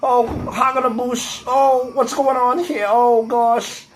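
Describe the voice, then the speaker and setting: A man's voice: extremely high pitch, flat delivery, slow pace, slight background noise, pitched above the performer's own voice, low-quality recording. A man putting on the voice of a fussy, whiny sitcom neighbor.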